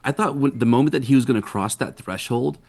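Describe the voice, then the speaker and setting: A man with a gravelly voice on a podcast call, adding reactions and comparisons during a horror movie recap. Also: medium pitch, fast talker, a little mellow. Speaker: podcast co-host. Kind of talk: casual movie review chat.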